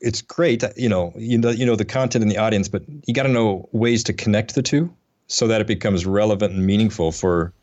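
Low-voiced guy hosting a podcast, rambly, joking at himself, kinda dull lo-fi sound. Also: a little fast, a little mellow. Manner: rambling, self-deprecating, many fillers and restarts. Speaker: podcast host. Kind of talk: casual conversational podcast. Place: Atlanta area.

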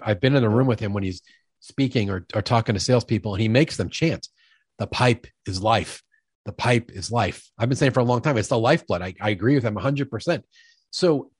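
A middle-aged sales leadership expert, appearing as a guest on a conversational podcast interview, energetically and emphatically explains sales management, often slipping into acted-out dialogue. His husky voice sits at an ordinary male pitch and is recorded close and dry, with no room sound.

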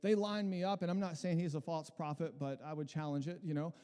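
A man delivers a lively, conversational sermon, breaking off into asides for his congregation. His voice sits high for a man. The sound carries the long reverb of a large church hall. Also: fairly quick, clean tone. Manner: animated, conversational preaching with restarts and asides. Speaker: pastor.

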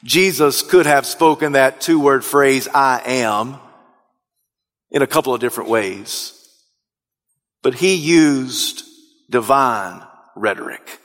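A male pastor preaching a sermon in a church sanctuary, emphatic and building to shouts on key phrases. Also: on the high side. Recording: long hall reverb.

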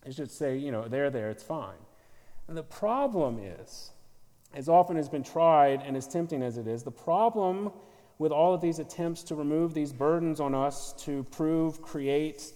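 A man preaching a sermon, earnest and building to emphatic peaks, with quick self-correcting asides. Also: fairly high pitch, dark tone. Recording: long hall reverb.

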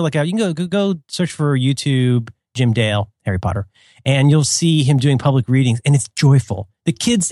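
Animated man with lively, bouncing delivery. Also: mid-range voice, no room sound, clean studio sound. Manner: animated and playful, breaks into goofy voices and bits of song. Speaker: podcast co-host. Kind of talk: casual chat.

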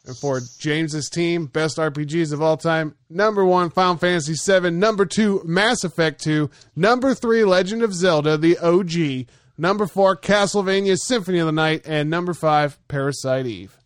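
A man's voice: fairly high pitch, moderate pace, hardly any pauses, dry recording, clean studio sound. A man hosting a podcast, talking casually with friends, swearing freely and reading out lists. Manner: laid-back, swears freely, reads lists aloud. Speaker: podcast host.

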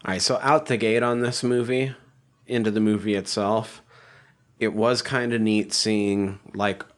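A man's voice: lowish voice, steady tone, measured pace. A man co-hosting a podcast in a laid-back, agreeable way with blunt asides. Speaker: podcast co-host. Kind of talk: casual chat.

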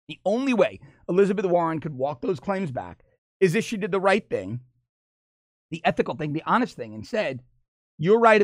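A middle-aged man holding forth as a political commentator, his pitch swinging widely as he mocks his targets and breaks into laughter. His voice sits a bit high for a man and sounds close and dry, with no room around it. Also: no echo. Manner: animated, mocking, laughs while talking. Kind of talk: opinion monologue.

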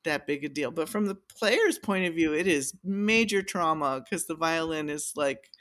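Chatty bright-voiced woman telling shop stories. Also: deep voice, animated, normal speed. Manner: chatty, many fillers and restarts, laughs often. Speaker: violin maker, podcast guest. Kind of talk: casual storytelling chat.

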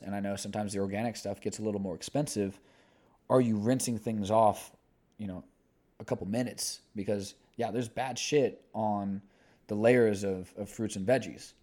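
A man's voice: on the low side, dark tone. A man in his twenties co-hosting a podcast, talking casually in a rambling, laid-back way with lots of fillers. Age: 20s. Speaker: podcast co-host.

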